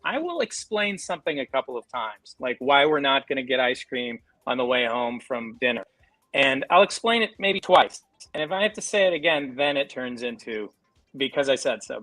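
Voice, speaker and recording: A man's voice: fairly high pitch, pushed and bright, no room sound, poor audio. A man guesting on a casual podcast chat, talking about parenting in a wry, sarcastic way. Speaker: comedian guest.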